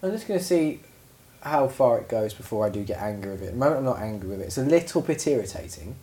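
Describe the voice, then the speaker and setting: A man co-hosting a podcast in casual chat, an animated storyteller who laughs often. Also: mid-range voice, fast talker. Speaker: podcast co-host.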